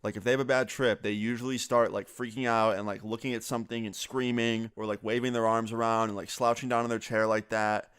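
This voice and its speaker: A young man casually telling a story, quoting his friends in quick back-and-forth with lots of "like" fillers. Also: on the low side, flat delivery, fairly bright tone, clean tone, no room sound, studio quality.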